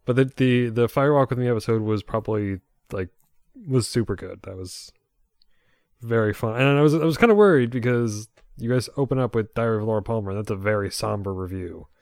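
A man's voice: lowish voice, a little fast, a little mellow, no echo, clean studio sound. A man hosting a podcast, chatting casually and agreeably with his co-host and swearing now and then. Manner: agreeable, laid-back, swears. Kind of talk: casual chat.

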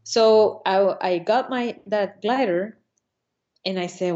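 A woman paraglider pilot from Venezuela, recounting her competitions in a casual interview, animated and laughing often, with many restarts. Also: mid-range voice, a little slow. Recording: slightly dull lo-fi audio.

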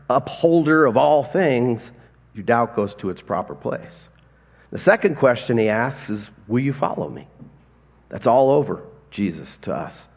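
A man in his forties preaching a sermon in a conversational, folksy way, telling stories and chuckling now and then. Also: medium pitch. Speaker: pastor. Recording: long hall reverb.

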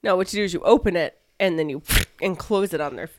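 A woman co-hosting a chatty podcast, animated and laughing, with the hiccups. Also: on the low side, fast, no echo. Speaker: podcast co-host. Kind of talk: casual chat.

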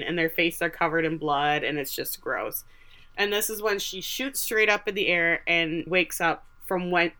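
A woman's voice: on the low side, sharp tone. A woman co-hosting a podcast, casually retelling a TV episode with lots of quoted asides and filler words. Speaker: podcast co-host. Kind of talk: casual recap chat.

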